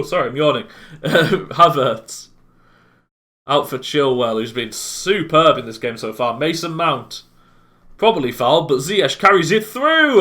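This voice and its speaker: A young man casually commentating on his own football video game match, calm between chances and bursting out loudly when goals go in. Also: mid-range voice. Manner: excitable, bursts loud at goals. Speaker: gaming YouTuber.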